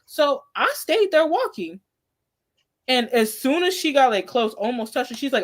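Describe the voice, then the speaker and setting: A woman co-hosts a casual chat with a slightly high voice. She listens with amusement and retells a story in a relaxed way. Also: moderate pace. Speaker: co-host.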